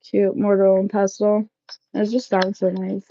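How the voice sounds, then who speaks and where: A woman in her thirties chatting casually with live viewers while packing up, loud and laughing, swearing freely. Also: mid-range voice, flat delivery, a little slow, creaky, dull audio, slight background noise. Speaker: livestream vlogger. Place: shed, packing up.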